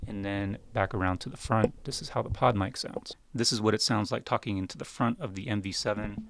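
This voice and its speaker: A man's voice: on the low side, fairly quick, creaky, few pauses, noisy background. A man reviewing podcast microphones in a casual, wry, step-by-step demonstration, speaking close into a studio dynamic mic at a home setup. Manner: relaxed, wry, explains step by step.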